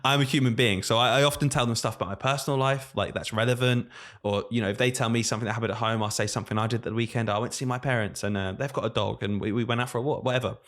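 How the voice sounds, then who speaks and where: Fast-talking young male teacher telling stories. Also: medium pitch. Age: 20s. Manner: animated storytelling, acts out quotes. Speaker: podcast co-host, primary teacher. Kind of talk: casual chat.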